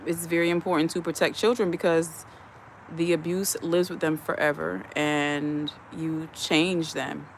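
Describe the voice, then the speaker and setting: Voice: mid-range voice, level tone, measured pace, slight background noise. A host chatting casually on a livestream from outdoors, greeting viewers one by one and reading their comments aloud into a phone. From USA. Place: outdoors in the evening, chilly. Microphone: phone camera, speaker behind it.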